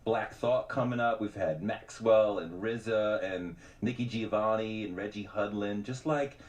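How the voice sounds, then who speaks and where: A middle-aged man telling stories as a guest on a radio show, animated and quick to act out the people he quotes. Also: on the low side. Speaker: podcast host and journalist guest. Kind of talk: radio interview conversation.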